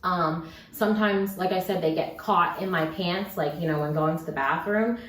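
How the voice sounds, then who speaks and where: At home, a young woman vlogs an unboxing of beads in a lowish voice at moderate pace. She's upset but trying to stay upbeat, swinging between sadness and excitement, chatty with frequent "likes" and the occasional curse. The room is echoey with faint background noise.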